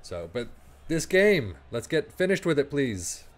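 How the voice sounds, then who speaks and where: A man casually commenting on his own football management game as he plays, thinking aloud and breaking into quick play-by-play. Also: a little high, very animated. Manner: chatty, rambling, thinks aloud, bursts into play-by-play. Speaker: gaming YouTuber.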